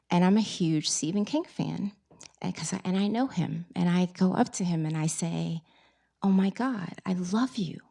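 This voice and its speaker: A woman, an author, reading from her book and then telling a lively story about her start as a writer. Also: on the low side, creaky. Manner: lively storytelling, animated quoting. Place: bookstore event.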